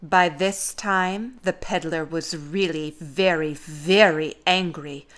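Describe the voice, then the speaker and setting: A young woman, a caregiver, reading a storybook aloud in a slow, gentle, expressive way. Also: sits low.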